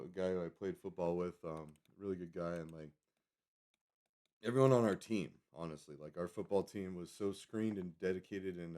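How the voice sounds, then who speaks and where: A man in his thirties chats casually on a live stream, rambling from topic to topic and correcting himself as he goes. His voice is low with a dark tone.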